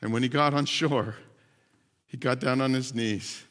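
A male pastor preaching a sermon, telling a story with animated repetition and dropping to a soft hush at times. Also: medium pitch, a little slow. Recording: long hall reverb.

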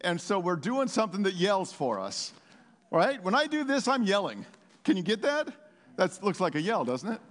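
A man preaching a sermon in a church, exuberant and animated, rambling into asides and laughing often. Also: sits high, moderate pace. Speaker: pastor. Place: church sanctuary. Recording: long hall reverb.

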